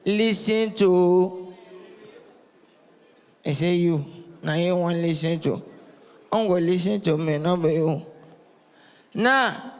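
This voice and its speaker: A Nigerian comedian with a high, bright voice works a live crowd, teasing and shouting for responses. The sound carries a long reverb from the hall. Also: male voice, slow, long pauses, clean tone. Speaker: stand-up comedian. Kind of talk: stand-up comedy set in Nigerian Pidgin.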